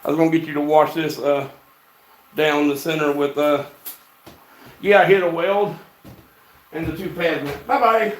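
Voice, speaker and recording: A man's voice: a little high, fairly even intonation, normal speed, pauses often. Folksy man talking shop in echoey workshop. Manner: folksy, drawling shop talk with fillers. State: out of breath. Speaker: shop host. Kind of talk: casual shop-talk livestream. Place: home workshop. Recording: echoey shop with faint noise.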